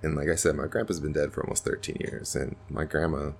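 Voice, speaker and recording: A man's voice: extremely low pitch, flat delivery, fast talker, gravelly, slight background noise. A man hosting a podcast, talking earnestly and reflectively in a casual spiritual monologue. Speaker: podcast host.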